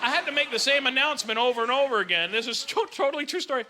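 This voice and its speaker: High-voiced stand-up comic. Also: male voice, very fast, hardly any pauses. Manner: animated, punchy storytelling. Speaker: stand-up comedian. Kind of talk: stand-up comedy. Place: comedy club stage. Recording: live show, loud crowd and noise.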